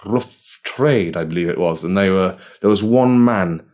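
A man's voice: deep voice, a little slow. Chatty man, self-mocking. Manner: chatty, self-mocking, lively quoted voices. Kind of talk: casual chat.

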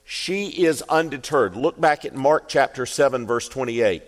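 A male pastor preaching a sermon, telling the story expressively and slowing down for emphasis. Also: mid-range voice. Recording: echoey hall reverb.

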